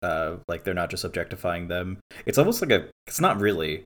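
A man's voice: deep voice, very animated, fairly quick. A man co-hosting a podcast, recapping an episode in a loose, rambling way with lots of fillers. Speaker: podcast co-host. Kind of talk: casual chat.

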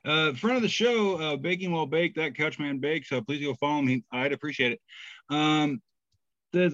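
A man's voice: fairly high pitch, a bit bright, no room sound. Male podcast co-host, joking and self-deprecating, reading memes off a dull lo-fi mic. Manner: jokey, self-deprecating, drawn-out pauses. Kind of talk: casual podcast banter.

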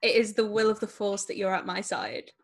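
A woman talking casually about a film, excited and chatty. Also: medium pitch, fairly quick, vocal fry, slightly rough. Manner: excited, laughing often, chatty.

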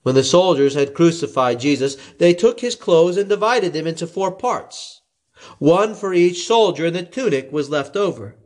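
A man reading scripture aloud in a slow, expressive way. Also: on the high side. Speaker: scripture reader.

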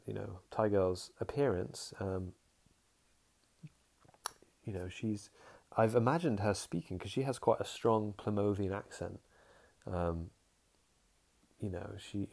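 An English young man hosts a casual podcast monologue in a lowish, gravelly voice with a darkish tone. He rambles frankly, often trailing off and beginning his sentences again.

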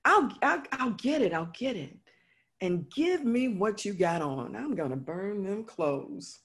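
A woman's voice: medium pitch, big pitch swings, a little slow, slightly rough, full character voice. A woman playing a remorseful, motherly friend who confesses a wrong in earnest, heartfelt words in a stage play. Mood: soothing.

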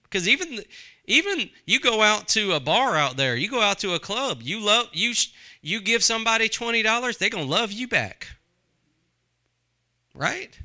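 Bright, high-voiced male preacher. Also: very animated, normal speed. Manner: conversational preaching with rhetorical questions. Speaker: pastor. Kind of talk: sermon.

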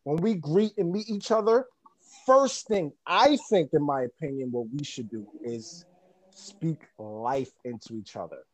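A man co-hosting a podcast, chatting casually and haltingly, with lots of fillers and restarts. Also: fairly high pitch, no room sound, low-quality recording.

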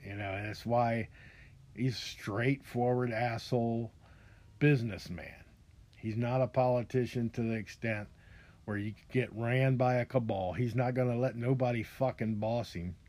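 A man's voice: mid-range voice, moderate pace, darkish tone. A man hosting a podcast, ranting in a rambling, profane monologue full of restarts and asides. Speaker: podcast host.

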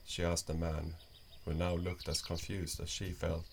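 Low gravelly male storyteller. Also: flat delivery, moderate pace, hardly any pauses, slight background noise. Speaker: narrator. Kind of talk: scripted story narration.

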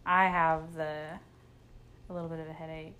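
A woman's voice: sits low, little pitch movement, moderate pace, pushed and bright. A woman co-hosting a casual podcast, giving an irreverent, sarcastic movie recap and swearing freely. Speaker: podcast co-host.

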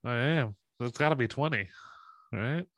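A man co-hosting a podcast, answering trivia questions in a relaxed way, laughing easily and swearing mildly. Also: mid-range voice, normal speed. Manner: laid-back, laughs easily, mild swearing. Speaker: podcast co-host and quiz contestant. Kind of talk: casual chat.

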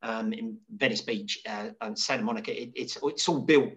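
A middle-aged man, a hairdresser, telling rambling stories as an interview guest, jumping up in pitch to act out what people said. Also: moderate pace, lo-fi sound. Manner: animated, acts out quoted voices with sudden high pitch; rambling, many restarts and fillers. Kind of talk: casual storytelling.

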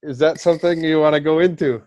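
A man's voice: on the high side, steady tone, fast talker, a little mellow. A man hosting a podcast in casual chat, asking loose, rambling questions. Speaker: podcast host.

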